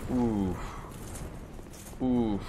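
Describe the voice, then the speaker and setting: A man streaming a game live, commenting casually and breaking into yells, groans and jokes as he plays. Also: fairly low pitch, fairly even intonation, very slow, noisy background.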